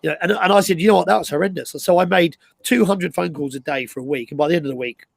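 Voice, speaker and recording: Male co-host, rambling anecdotal chat, slightly high pitch. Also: fast talker, creaky, no room sound, low-quality recording. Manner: storytelling, many fillers and restarts. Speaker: co-host and recruiter. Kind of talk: casual live chat.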